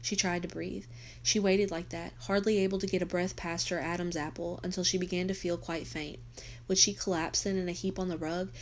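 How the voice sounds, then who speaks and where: Female teacher narrating a novel, steady, slightly low voice. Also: fairly quick, slight background noise. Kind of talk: audiobook reading for students.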